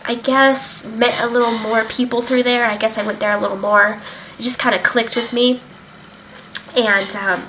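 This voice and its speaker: A woman's voice: on the high side, fairly bright tone, a little hiss or hum, low-quality recording. A young woman candidly telling her own story in a casual vlog, emotional and open, with many fillers and some swearing. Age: young adult. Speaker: vlogger sharing her recovery story. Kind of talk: casual personal account.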